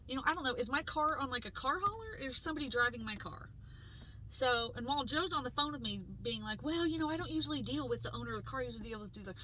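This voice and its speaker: A woman co-hosting a podcast, telling a story in casual chat, animated and swearing freely as she acts out what people said. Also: high voice, rapid-fire, slight background noise, rough recording. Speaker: podcast co-host.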